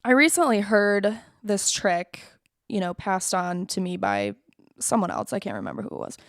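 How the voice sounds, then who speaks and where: Young woman in her twenties, candid vlog monologue, blunt and self-deprecating, curses often, mid-pitched voice, dry close sound. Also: very animated, moderate pace, no echo. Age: 20s. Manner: frank, swears freely, self-deprecating. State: choked up at times. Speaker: vlogger.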